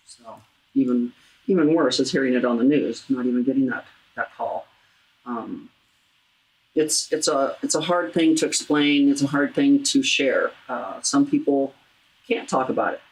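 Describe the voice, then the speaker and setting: A woman hosting a talk show, speaking earnestly and haltingly about grief, with frequent restarts. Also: rumbling low, low-quality recording. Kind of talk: heartfelt interview about grief.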